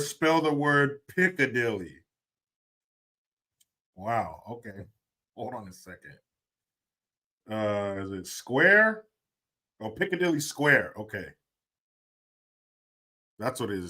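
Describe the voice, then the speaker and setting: A man hosts a casual livestream indoors, reading out chat messages with crude jokes and loose swearing. His voice is bright and sharp, and his pitch bounces around with lively animation. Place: indoors, cold room.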